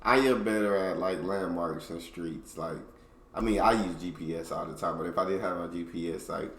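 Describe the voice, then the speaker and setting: A man's voice: deep voice, moderate pace, gravelly, a bit bright, roomy sound, far from the mic. A man hosting a reaction video, making playful, teasing asides in casual commentary.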